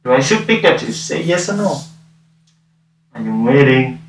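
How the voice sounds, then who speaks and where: A man's voice: mid-range voice, lively intonation, normal speed, faint music behind, lightly acted. A man playing a cocky, mask-muffled Deadpool. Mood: teasing. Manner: cocky, teasing, talks straight to viewers. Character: wisecracking masked male antihero with a gun. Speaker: cosplayer livestreaming. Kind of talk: in-character livestream banter. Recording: roomy, distant mic, noisy.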